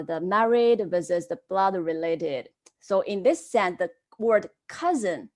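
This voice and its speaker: A woman leads an online language class at an unhurried pace. Her pitch swings widely as she models each word, then prompts the class to try it themselves. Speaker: Chinese language teacher.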